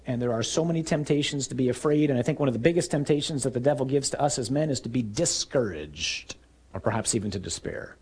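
A man preaching a sermon, telling stories vividly and acting out scenes, rising to shouts and dropping low and quiet for emphasis. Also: slightly rough. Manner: storytelling, acts out scenes with raised shouting voice.

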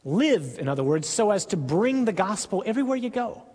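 Husky, earnest male preacher. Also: sits high, sing-song, mellow, in a large hall. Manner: earnest, emphatic, with pauses. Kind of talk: sermon.

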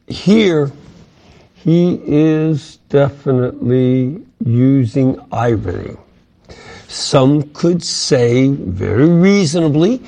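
Guy teaching a bible lesson, slow and relaxed, reads verses out then explains them with lots of ums. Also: mid-range voice, creaky. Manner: explanatory, with frequent fillers and restarts.

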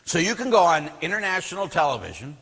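A man, a Catholic priest, teaching a class with animated storytelling and emphatic outbursts. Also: high voice, quick pace, vocal fry, breathy edge. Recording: long reverb of a large hall.

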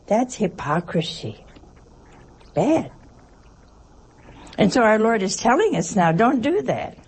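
A woman's voice: mid-range voice, sing-song, slow pace, darkish tone, husky. A woman, a nun, giving a conversational sermon in a folksy, humorous way, full of rhetorical questions. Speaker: nun preaching.

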